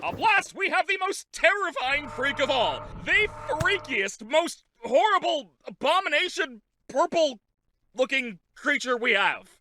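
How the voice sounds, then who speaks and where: A woman's voice: sits high, sing-song, measured pace, bright, forceful tone, heavily acted. An actress playing a theatrical female circus announcer who stretches out her words. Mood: announcing.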